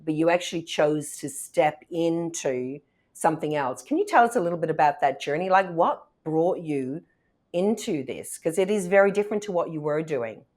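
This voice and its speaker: Low-voiced woman hosting an interview. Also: lively intonation, moderate pace, a little mellow. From from abroad. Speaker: podcast host.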